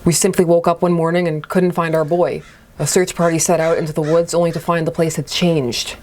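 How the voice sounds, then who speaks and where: A woman's voice: lowish voice, little pitch movement, brisk, natural voice. A woman reading as a grinning, placating village man. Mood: calm, placating. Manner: soft, placating, unnervingly cheery. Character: smiling, overly calm village man.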